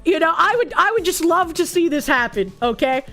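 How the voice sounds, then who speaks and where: High-pitched, sarcastic young woman streamer. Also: expressive, brisk, bright, forceful tone, faint music behind. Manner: blunt, sarcastic, heavy swearing. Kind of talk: casual chat reacting to chat messages.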